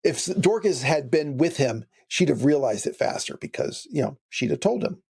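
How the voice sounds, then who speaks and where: A man's voice: on the high side, very animated, moderate pace, gravelly, a little mellow, husky. A man hosts a laid-back book discussion podcast. He talks in a chatty, meandering way and often digresses into detailed explanations. His asides carry a dry, wry humor. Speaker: podcast host.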